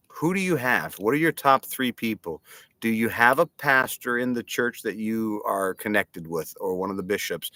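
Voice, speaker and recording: A man delivering a lively, motivational church talk full of stories and direct questions to his listeners. His voice is bright and forceful, a little lower than average. The sound is close and dry. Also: no room sound. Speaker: church leader. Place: on a boat.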